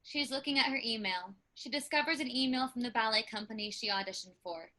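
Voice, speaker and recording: A woman's voice: fairly high pitch, fast, pushed and bright. A woman reading stage directions plainly and matter-of-factly.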